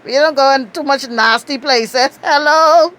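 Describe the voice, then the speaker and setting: Animated Bahamian woman telling a story. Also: a little slow. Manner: animated, outspoken, laughs often, acts out quotes in high bursts. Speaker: travel storyteller. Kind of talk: casual storytelling.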